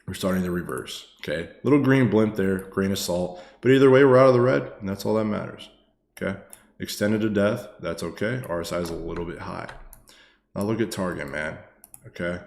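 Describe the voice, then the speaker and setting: A man giving casual live-stream stock chart commentary, excitable and loose, swearing freely and tagging lines with "man" and "okay.". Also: low voice, brisk, vocal fry, reverberant, slight background noise.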